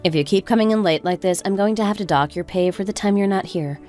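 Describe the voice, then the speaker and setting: A woman's voice: mid-range voice, fast, a little mellow, close to an everyday voice. A woman playing a stern restaurant boss who speaks curtly and scolds. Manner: curt, scolding. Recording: faint background music.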